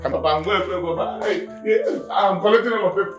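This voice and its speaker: A pushy young Nigerian son, played by an actor, talking in a high, excitable voice. He wheedles and brags in a strong Nigerian accent. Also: normal speed, soft background music, natural voice. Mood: pleading.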